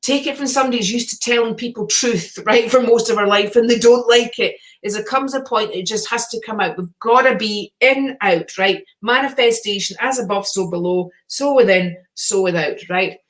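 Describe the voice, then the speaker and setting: A woman's voice: on the high side, moderate pace, few pauses. Middle-aged woman, live-stream host, chatty, swears freely, cheers on her viewers. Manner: chatty, encouraging, swears casually. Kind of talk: casual live-stream chat reading viewer comments.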